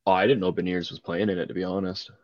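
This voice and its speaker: A man's voice: sits low, flat delivery, fast talker, dry recording. A young man in a casual sports chat, blunt and offhand. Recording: dull lo-fi mic.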